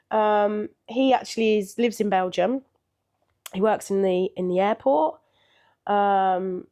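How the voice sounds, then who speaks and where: A woman's voice: mid-range voice, warm tone. An older woman, a podcast co-host, telling a story in casual chat with a chatty manner, laughing often and acting out what people said.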